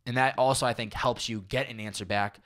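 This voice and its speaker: A man's voice: medium pitch, steady tone, a little fast, fairly bright tone. A young man, a podcaster guest, talking casually and candidly in an interview, rambling a bit and acting out quoted lines.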